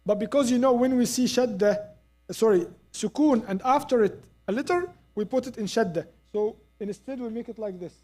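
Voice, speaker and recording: A Quran recitation teacher giving a live class at a mosque, repeating example sounds slowly and checking in with students. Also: medium pitch, darkish tone.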